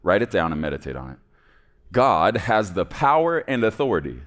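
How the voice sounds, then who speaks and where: A man preaching a sermon in a church, playful, swinging between loud emphasis and hushed asides. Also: deep voice, big pitch swings, brisk. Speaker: pastor.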